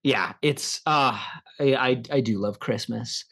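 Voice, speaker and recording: A man's voice: medium pitch, takes it slowly, bright, forceful tone, breathy edge. Rambling young American man. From United States. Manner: rambling, many restarts and "you know"s. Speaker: podcast co-host. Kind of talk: casual film-podcast chat.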